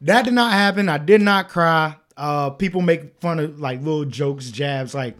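A young man with a high voice tells a story on a podcast, acting out what everyone said. His talk is loose and full of swearing. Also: moderate pace. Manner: animated storytelling, acting out quotes, frequent swearing. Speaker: podcast co-host. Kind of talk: casual chat.

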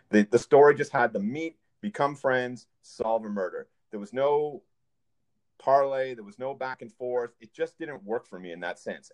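A man gives a measured, critical take on a movie in a casual podcast chat. His voice sits at an ordinary middle pitch for a man. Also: darkish tone. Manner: measured, plainly critical summaries. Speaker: podcast co-host.

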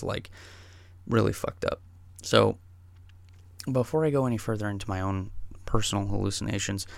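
A man's voice: medium pitch, creaky, dry recording. Profane young man telling a wild story. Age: young adult. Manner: profane, animated, swings between loud rants and hushed retelling. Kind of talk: comedic storytelling.

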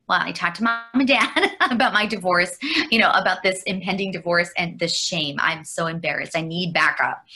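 A woman from Canada, a guest on an interview, telling a personal story candidly, halting with fillers and restarts and laughing often. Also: lowish voice, sharp tone.

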